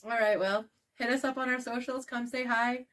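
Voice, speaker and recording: A young woman tells a wild story to her podcast co-host, her voice sitting a little high. She talks in an animated, casual way, laughs often and swears without a second thought. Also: moderate pace.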